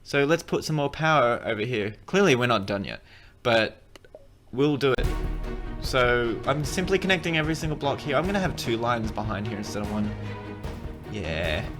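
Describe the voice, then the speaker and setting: A man's voice: mid-range voice, lively intonation, moderate pace, a bit bright, soft background music. A man giving a casual, rambling game tutorial, cracking jokes and correcting himself as he plays. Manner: rambling, joking, self-correcting. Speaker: gaming video creator.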